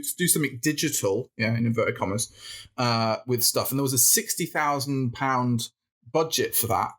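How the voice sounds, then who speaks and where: Chatty man telling a rambling story. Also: mid-range voice. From north of England. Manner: rambling, animated, with frequent restarts and laughs. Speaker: podcast guest. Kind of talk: casual storytelling chat.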